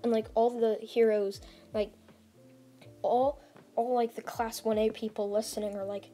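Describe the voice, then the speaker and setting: A woman's voice: a little high, flat delivery, a little slow, pauses often, warm tone, faint music behind. A woman casually retelling a fan-made story, rambling with lots of "like" and restarts.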